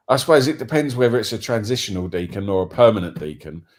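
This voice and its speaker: A man from East London with an Estuary English accent, co-hosting a casual chat and explaining things in a measured, relaxed way. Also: fairly low pitch. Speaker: co-host.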